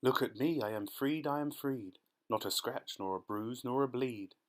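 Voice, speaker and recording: A man voicing an excitable, boastful male centipede in a storybook audiobook, gleeful and sing-song. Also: medium pitch, moderate pace, close to an everyday voice.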